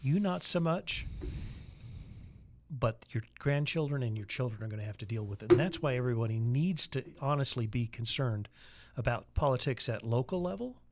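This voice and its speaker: A man co-hosting a casual podcast, laying out his views in an earnest, opinionated way. His voice sits at an ordinary middle pitch. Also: expressive, moderate pace, noisy background. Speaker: podcast co-host. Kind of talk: casual political chat.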